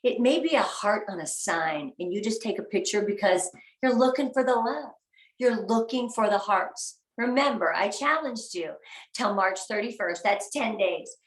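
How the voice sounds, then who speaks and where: A woman's voice: mid-range voice, expressive, normal speed. A middle-aged woman giving an earnest, upbeat motivational talk to a sales team and getting them to repeat phrases after her. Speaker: guest speaker at a sales training. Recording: echoey room, voice a bit far from the mic.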